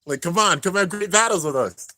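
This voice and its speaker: A young man narrating an anime finale as he watches it live, excited and emotional. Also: sits high, brisk, no room sound. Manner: excited, narrating on-screen action, drops to near-tears murmurs. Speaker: anime reaction host. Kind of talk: live reaction commentary.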